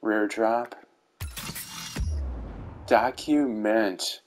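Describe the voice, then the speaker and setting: A man's voice: lowish voice, drawn-out words, low-quality recording. A middle-aged man giving casual commentary on game rewards, with dry dad-joke humor. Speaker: YouTuber reviewing game rewards. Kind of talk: casual commentary over gameplay footage. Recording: faint background music.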